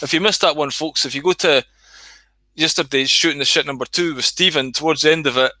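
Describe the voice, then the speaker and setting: A Scottish man hosts a loose, unscripted livestream, chatting to viewers and swearing casually. His voice is bright and sits a little high. It is recorded dry and close, with no room sound. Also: fairly quick, no room sound. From Scotland. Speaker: livestream host. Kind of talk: casual rambling livestream chat.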